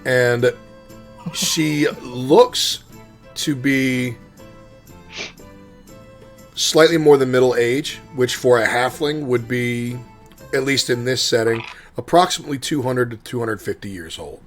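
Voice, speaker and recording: A man narrating a tabletop game as game master, describing scenes in a relaxed, meandering way with frequent pauses. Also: medium pitch, soft background music. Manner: relaxed, descriptive, with many ums and restarts.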